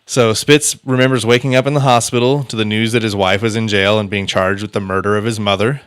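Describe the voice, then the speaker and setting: A man's voice: fairly low pitch, fairly even intonation, a little fast, a bit bright, clean tone. A man hosting a podcast, casually retelling a true-crime case in a loose, chatty way with filler words and the odd curse. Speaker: podcast host.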